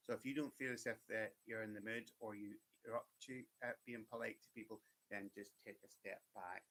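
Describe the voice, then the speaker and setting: A man's voice: lowish voice, steady tone, a little fast, few pauses, fairly bright tone. Chatty man reading tarot live. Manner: chatty, repetitive, reassuring, addresses viewers by name. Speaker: tarot reader. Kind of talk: live-stream one-card readings.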